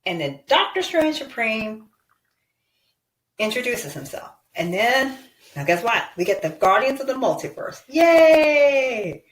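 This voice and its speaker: Woman, toy-play narrator, high lively voice, excitable, slow delivery, echoey room. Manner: excitable, cheering and sound effects.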